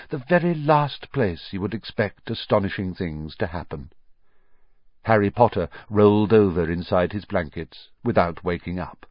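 A man narrating a storybook in an expressive, measured way. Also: lowish voice, no room sound. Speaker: audiobook narrator. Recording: slightly dull lo-fi audio.

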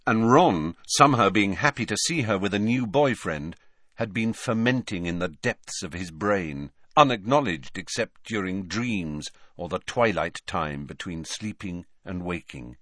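A man reading an audiobook narration in a measured, expressive way, close to the mic. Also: on the low side, dry recording. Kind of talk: scripted narration.

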